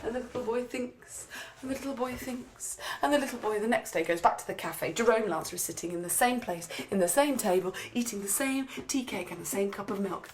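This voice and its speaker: A woman reading a children's story aloud in a playful, animated, sing-song way. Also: a little high, fairly quick, few pauses, slight background noise. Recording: loud music behind voice.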